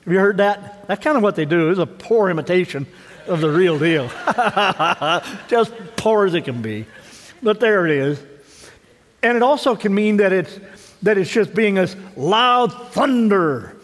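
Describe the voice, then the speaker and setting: A man preaching a sermon in a church, his voice sitting notably high for a man. He talks conversationally, tosses out rhetorical questions and often stumbles back over his own words. Long reverb from the sanctuary trails each phrase. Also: expressive, a little slow. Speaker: pastor.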